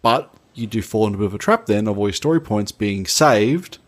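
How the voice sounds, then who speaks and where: A man co-hosting a gaming podcast as a game master, giving relaxed, rambling explanations. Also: fairly low pitch, a little fast. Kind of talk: casual podcast chat.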